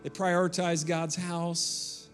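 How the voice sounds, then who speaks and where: A man's voice: a little high, level tone, slow pace, faint music behind. A middle-aged man preaching a sermon, in a folksy, emphatic way. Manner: folksy and emphatic, with rising and falling intensity. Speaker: pastor.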